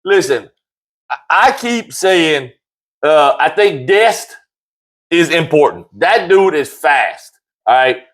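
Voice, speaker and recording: A man hosting a casual sports talk show, animated and jokey, repeating himself and jumping up high when excited. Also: slow, pauses often.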